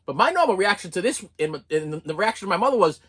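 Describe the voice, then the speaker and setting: Fast-talking husky storyteller in their forties. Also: mid-range voice. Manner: animated, self-interrupting, laughs at own stories. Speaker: YouTube comedy channel host. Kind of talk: rambling storytelling monologue.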